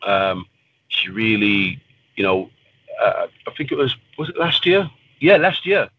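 A man's voice: on the low side, big pitch swings, a little slow, a little hiss or hum. Blunt fighter man, lo-fi radio sound. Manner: blunt, swears freely. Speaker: pro fighter guest. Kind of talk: casual interview talk.

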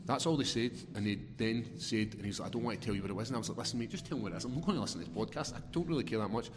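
A man's voice: on the low side, racing, in a large hall, noisy background. A man with a Scottish accent telling stories on a casual podcast, swearing and laughing as he goes. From Scotland. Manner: swearing, laughing, animated storytelling. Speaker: podcast guest, fighter.

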